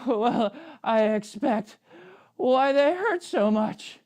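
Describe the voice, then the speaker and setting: A woman's voice: on the high side, lively intonation, slow, darkish tone. A woman voicing a sleepy, rambling old man contestant who mumbles and gets confused. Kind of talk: comic puppet-show acting.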